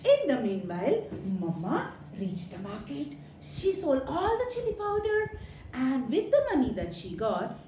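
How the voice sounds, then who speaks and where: Woman storyteller for kids, animated and questioning, unhurried with big pitch swings. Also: a little hiss or hum. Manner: animated, sing-song, asks children questions. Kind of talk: children's storytelling. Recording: roomy echo.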